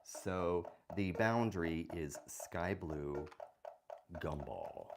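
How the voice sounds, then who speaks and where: With a very deep voice and a slightly slow delivery, a woman runs a puzzle livestream against some background noise. She's playful and self-mocking, chatting casually and reading messages from the chat aloud.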